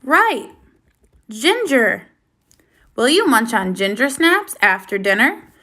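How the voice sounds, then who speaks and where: A woman teacher giving a recorded reading lesson for young children, slow, clear and encouraging, with lively praise. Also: on the high side.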